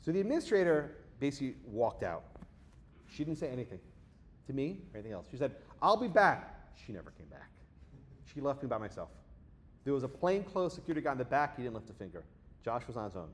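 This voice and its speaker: A man's voice: medium pitch, fast talker. A man giving a lecture, telling a story with sarcasm and acting out the people he quotes. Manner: animated, sarcastic, acts out quoted voices. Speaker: guest lecturer. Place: lecture hall.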